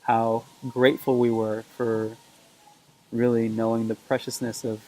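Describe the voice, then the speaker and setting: A man's voice: medium pitch, flat delivery, unhurried, mellow, low-quality recording. A man talking to camera in an earnest, reflective way, repeating phrases for emphasis, recorded on a camera propped on a table. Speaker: vlogger. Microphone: camera mic on a table.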